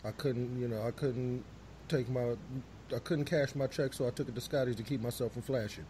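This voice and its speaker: A man's voice: medium pitch, steady tone, brisk, dark tone, a little hiss or hum. A man, laid-back and slangy in casual chat. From Bay Area, California.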